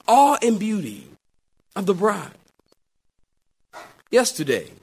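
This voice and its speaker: A middle-aged man, a pastor, preaching a sermon and telling a story, swinging between loud exclamations and hushed asides. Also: high-pitched.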